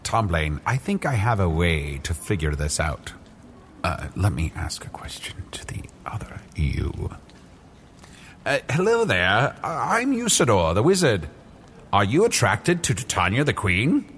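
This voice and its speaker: A man's voice: fairly low pitch, wildly swooping pitch, a little slow, a bit bright, slight background noise, full character voice. A man playing a formal, mischievous male wizard with theatrical phrasing in a comedy tabletop game. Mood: playful.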